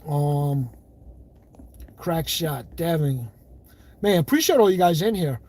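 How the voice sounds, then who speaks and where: High-voiced blunt New man. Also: expressive, takes it slowly, darkish tone. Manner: blunt and profane, fiery, laughs easily. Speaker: livestream host. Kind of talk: casual livestream chat reading viewer comments.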